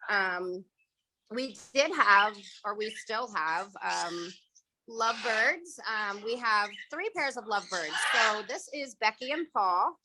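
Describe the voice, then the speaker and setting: A woman's voice: mid-range voice, lively intonation, takes it slowly. A woman directing a parrot rescue, giving a chatty walkthrough tour on a video call with lots of filler ums and sweet baby talk to the birds. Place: indoor bird rescue room. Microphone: phone or laptop on a video call. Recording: loud bird noise over a call. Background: loud squawking and chirping birds.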